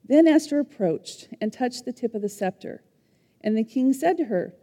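A woman retelling a Bible story as a lively lesson, in an animated way, often putting questions to her listeners. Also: on the high side, normal speed. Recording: long hall reverb.

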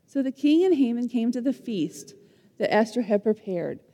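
A woman retelling a Bible story as a lively lesson, in an animated way, often putting questions to her listeners. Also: a little high, moderate pace. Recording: long hall reverb.

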